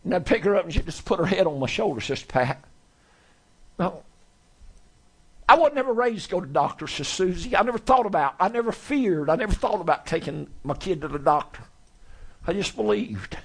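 A male preacher, telling a story in a sermon in a folksy way that swells into shouting. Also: high voice, big pitch swings, fairly quick, breathy edge.

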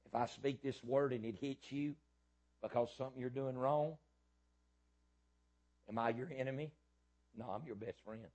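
Fiery preacher man, husky. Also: medium pitch, moderate pace, pauses often. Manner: fiery, emphatic preaching with loud rises and repetition. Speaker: pastor. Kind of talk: sermon.

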